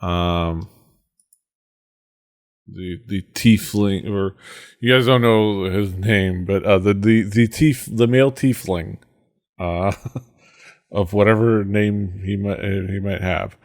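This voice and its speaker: Low creaky-voiced male game master. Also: fairly even intonation, takes it slowly, pauses often. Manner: hesitant, many fillers and restarts. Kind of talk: narrating a tabletop game.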